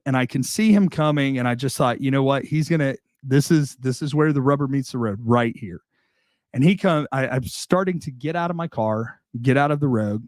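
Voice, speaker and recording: A man's voice: fairly high pitch, darkish tone, dry recording, studio quality. A man telling a casual, self-mocking story about his sales job in a chatty, repetitive way, recorded indoors. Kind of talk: casual anecdote. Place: indoor room.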